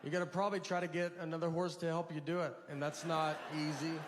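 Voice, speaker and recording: A man performing a stand-up routine, telling rambling stories in a halting, deadpan way. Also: a little high. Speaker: stand-up comedian. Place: large venue with a live audience. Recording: live stage mic in a reverberant hall with audience noise. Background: audience laughter.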